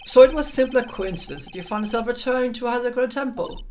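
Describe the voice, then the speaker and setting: Stern male prosecutor, read by a woman in her own voice; formal, measured, probing. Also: fairly high pitch, a little mellow, slight background noise, pitched above the performer's own voice, lightly acted. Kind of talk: dramatic reading of game dialogue.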